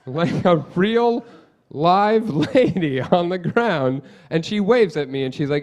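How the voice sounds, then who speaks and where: A young male comedian working a live club crowd, his voice sitting a little high for a man. He rambles through his stories and mocks himself as he goes, leaning on "like" and asides to the room. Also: expressive, unhurried, a little mellow. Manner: rambling, self-deprecating, heavy use of "like". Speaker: stand-up comedian. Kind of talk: stand-up comedy set.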